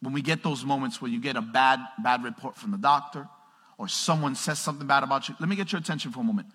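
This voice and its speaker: Man preaching in a church, keeps asking the crowd questions, bright and a bit raspy, big hall echo. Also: mid-range voice, fast. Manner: call-and-response questions to the congregation; builds to raised, emphatic preaching. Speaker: pastor. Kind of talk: sermon. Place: church sanctuary. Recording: long hall reverb.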